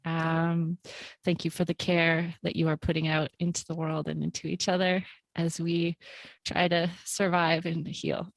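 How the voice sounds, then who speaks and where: A woman's voice: on the low side, flat delivery, measured pace, no room sound. A woman hosting a podcast interview who speaks openly about her feelings and swears casually. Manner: warm, emotional, swears casually. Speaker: podcast host.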